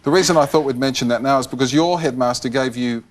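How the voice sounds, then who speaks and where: Fast-talking man, TV interviewer, faint background noise. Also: mid-range voice. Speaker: host.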